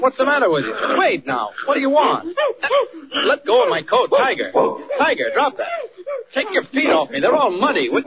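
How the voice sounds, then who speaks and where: A man's voice: high-pitched, creaky, heavily acted. An actor playing Superman in an old radio drama, calling out with urgency. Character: Superman as a calm hero. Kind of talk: 1940s radio acting. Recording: dull old radio recording.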